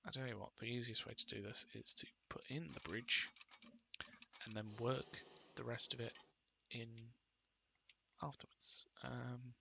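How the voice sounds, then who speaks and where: A man's voice: mid-range voice, fairly even intonation, a little slow, vocal fry, sharp tone, a little hiss or hum. A man giving casual commentary while playing a game, muttering to himself and getting mildly exasperated. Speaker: gaming video creator.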